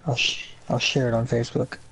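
A man's voice: mid-range voice, level tone, fairly bright tone, a little hiss or hum, low-quality recording. A young man chatting casually with friends during a live game stream, joking and acting out quotes. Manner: playful, acts out quotes, quick bursts of laughter.

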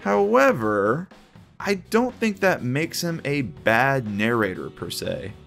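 A man's voice: medium pitch, sing-song, slow, vocal fry, a bit bright, faint music behind. A man hosting a video essay, giving opinionated, conversational commentary on a children's TV series.

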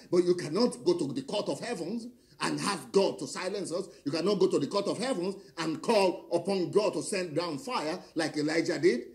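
Fiery, high-pitched preaching man. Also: darkish tone. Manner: confrontational, rhetorical, declaiming. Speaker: pastor.

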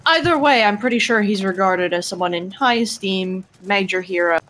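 A woman speaking in character during a tabletop game, measured and deliberate. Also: medium pitch, fairly bright tone, a little hiss or hum, rough recording. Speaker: player.

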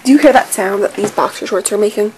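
A woman's voice: medium pitch, fast talker, noisy background. A young woman chatting casually on her home vlog, bubbly and full of "like" fillers. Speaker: vlogger.

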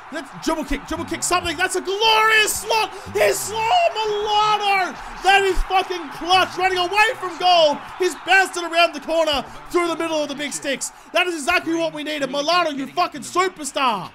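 High-voiced excitable young man gaming. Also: background noise. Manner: excitable, sweary, shouts at the players. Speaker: gaming YouTuber. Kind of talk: live gameplay commentary.

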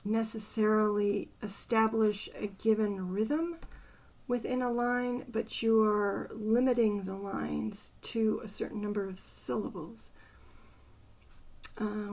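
An older woman hosting a poetry channel, thinking aloud and softly counting syllables under her breath as she picks a poem apart. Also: medium pitch, level tone, unhurried. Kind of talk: casual poetry analysis.

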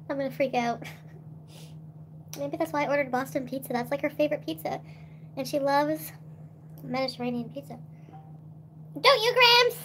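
A young woman livestreaming in a loose, rambling way, laughing often and eating as she talks. Her voice sits notably high, and she drifts between soft asides and bursts of giggling. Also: fairly even intonation, moderate pace, pauses often, background noise. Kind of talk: casual livestream chat.

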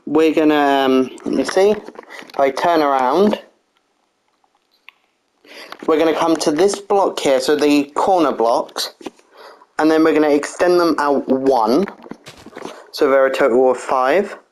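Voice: mid-range voice, slow, pauses often, darkish tone, low-quality recording. Methodical voice talking through a build. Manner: methodical step-by-step instructions, counting blocks aloud, frequent "uh"; apologetic, corrects own slips. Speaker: building tutorial narrator. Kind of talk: casual game-building walkthrough voice-over.

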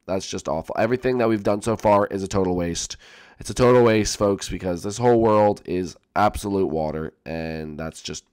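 A male gaming channel host giving excitable let's-play commentary, repeating himself and talking straight to his viewers. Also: low-pitched, normal speed, clear, resonant tone.

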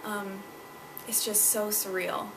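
A woman's voice: medium pitch, little pitch movement, slow, noisy background. A young woman vlogging at home about her pregnancy, chatty and emotional, with lots of fillers, on a camera mounted on a tripod. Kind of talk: casual personal vlog. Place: at home indoors. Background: clock chiming Christmas carols.

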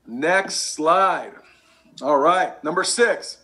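Guy running a sales training, high voice, super pumped, keeps repeating his lines. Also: normal speed, pushed and bright. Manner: repetitive, pumped-up, drills catchphrases. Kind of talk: energetic sales training talk.

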